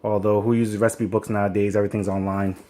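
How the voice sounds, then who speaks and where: Laid-back, low-voiced man unboxing. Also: level tone, fast, mellow. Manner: laid-back, rambling, slangy. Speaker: unboxing vlogger. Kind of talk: casual unboxing chat. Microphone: phone on a wobbly stand.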